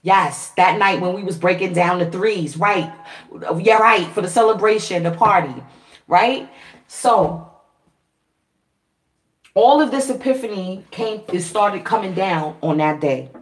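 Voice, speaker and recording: A woman vlogger telling a story to her viewers in a casual, animated way, swearing freely and laughing often. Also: medium pitch, a little slow. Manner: animated, profane, laughing, acts out quoted voices. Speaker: spiritual reader and vlogger. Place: at home.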